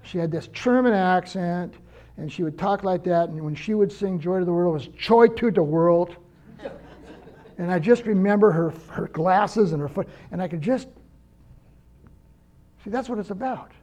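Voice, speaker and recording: An older pastor with a high-pitched voice delivers an earnest, story-filled sermon in a relaxed, conversational way. The sound is dull and lo-fi. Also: male voice, normal speed. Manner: earnest, personal, anecdotal.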